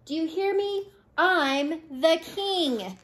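A grandma doing a snarling bully prairie dog. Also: female voice, high-pitched, fairly even intonation, normal speed, a bit bright, a little hiss or hum, voice pushed up. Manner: snarling, boastful. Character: bullying male prairie dog who turns hero.

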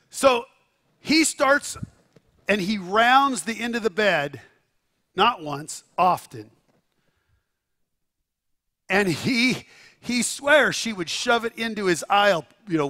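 A man preaches with a high, bright voice that cuts through. He tells stories with animated asides to the congregation, checking in as he goes and now and then breaking into a shout. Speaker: pastor. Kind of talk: sermon.

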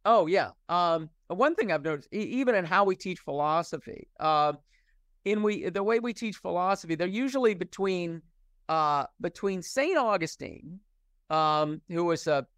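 A man's voice: high voice, lively intonation, normal speed, a bit bright, dry recording, studio quality. A middle-aged man from the United States, a professor answering interview questions in a discursive, candid way and often restarting his sentences.

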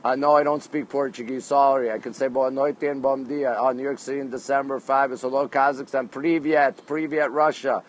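A Canadian man runs a casual nighttime livestream from a city rooftop, calling out viewers by place name and reading their comments into his phone. He talks briskly with hardly any pauses, in a mid-range voice and steady tone, on a rough recording.

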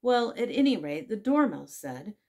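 A woman's voice: medium pitch, very animated, moderate pace, dark tone, pitched above the performer's own voice. A woman voicing a nervous, trembling male hatter who pleads anxiously.

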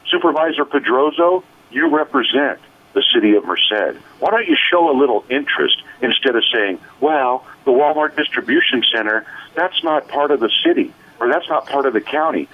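A man's voice: mid-range voice, lively intonation, brisk, breathy edge. A man co-hosting a talk radio show, indignant and calling out local officials directly. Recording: muffled AM radio broadcast.

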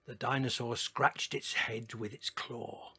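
A man reading a children's storybook aloud in a gentle, expressive way. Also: medium pitch, slow pace, husky, no room sound, studio quality. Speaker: narrator.

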